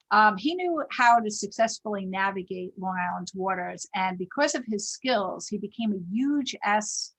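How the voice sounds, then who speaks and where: A woman author hosting a livestream, telling history with lively emphasis. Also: medium pitch, rough recording. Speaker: host and author.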